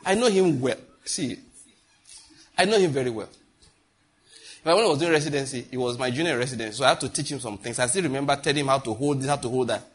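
Nigerian man, middle-aged preacher, husky, animated storyteller. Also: mid-range voice, quick pace. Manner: animated storytelling with Pidgin asides. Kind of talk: sermon.

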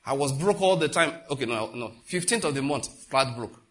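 Animated Nigerian man preaching a sermon. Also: mid-range voice, a little fast. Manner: animated storytelling, acts out dialogue with sudden loud outbursts. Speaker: pastor.

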